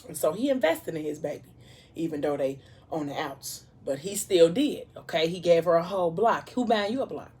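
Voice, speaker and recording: A woman's voice: fairly low pitch, moderate pace. Chatty woman retelling a story. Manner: chatty, animated plot retelling with asides. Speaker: vlogger. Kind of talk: casual storytelling during a mukbang.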